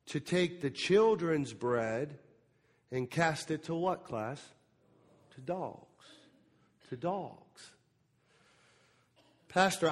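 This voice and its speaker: A man delivers a sermon in a fairly high voice. He acts out each scripture voice with dramatic swells and then sinks to intimate lows. The sound rings with the long reverb of a large hall. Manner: dramatic preaching that acts out the Bible voices with rising emphasis. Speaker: pastor.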